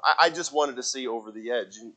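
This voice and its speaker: A man's voice: mid-range voice, quick pace, bright, forceful tone. A man preaching in a conversational way, telling a family story with many restarts and repeated words, and acting out quoted lines in a raised voice. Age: adult father of a young child.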